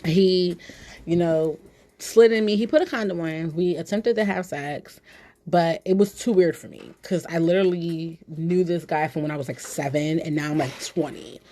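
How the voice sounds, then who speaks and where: A woman's voice: on the low side, normal speed, mellow. A woman, a podcast host telling a candid, profane story in casual chat, often laughing. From Philadelphia.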